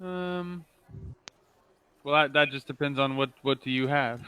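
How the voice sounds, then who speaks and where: A man's voice: medium pitch, a little slow, pushed and bright, clear, resonant tone, low-quality recording. Easygoing man playing a tabletop character. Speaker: player. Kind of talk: casual tabletop role-play.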